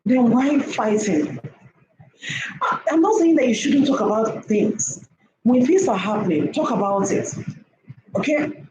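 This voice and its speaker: A woman's voice: a little high, expressive, measured pace, long pauses. A woman giving preachy relationship advice to women, emphatic and repetitive, often checking in with her listeners. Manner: emphatic, repeats herself, keeps checking in with "okay?". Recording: echoey room with faint noise.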